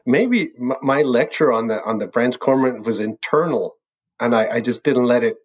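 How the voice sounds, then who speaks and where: A man's voice: medium pitch, expressive, moderate pace, husky. A man, a birding tour leader, chatting casually and rambling through an old trip story, laughing often between phrases. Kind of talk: casual reminiscing chat. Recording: dull lo-fi sound.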